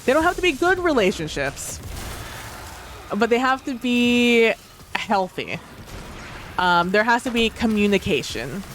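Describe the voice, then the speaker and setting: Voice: mid-range voice, fairly bright tone, a little hiss or hum. A tabletop role-play player reflecting casually on a livestream, rambling with many fillers and frequent laughter.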